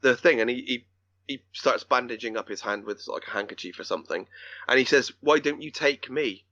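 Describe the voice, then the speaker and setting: A man's voice: mid-range voice, fairly quick, pushed and bright, no room sound, dull audio. A man co-hosting a film podcast, retelling scenes in a rambling way with many restarts and acted-out quotes. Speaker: podcast co-host. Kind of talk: casual film discussion.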